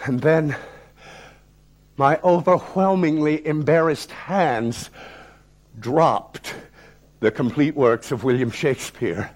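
A man's voice: a little high, takes it slowly, pauses often. A man in his sixties, a theatre director, performing a dramatic, declamatory personal story on stage. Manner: dramatic, declamatory, sweeping shifts in loudness. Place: talk-event stage.

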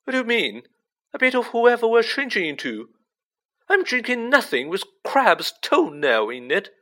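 A man's voice: high-pitched, big pitch swings, normal speed, fairly bright tone, voice pushed up, exaggerated voice. A man reading a story aloud, voicing a blunt young schoolboy who speaks sharply and gets outraged. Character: indignant freckled schoolboy, loud and blunt.

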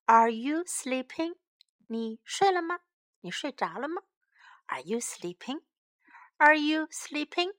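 Animated woman reading a children's story. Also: high-pitched, no room sound. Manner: reads each English line then translates it, with lively character voices; repeats English phrases slowly for learners. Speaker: bilingual storyteller and English teacher for children.

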